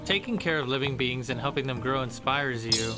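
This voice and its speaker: Male streamer, playful, mid-pitched, reading game text over music. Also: animated, fairly quick. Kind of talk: casual gameplay commentary.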